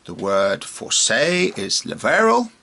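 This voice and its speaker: A man's voice: mid-range voice, wildly swooping pitch, slow pace, vocal fry, bright, forceful tone. A man teaching a casual online language lesson, repeating words and checking in with "okay?" after each one. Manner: chatty and informal, with many fillers.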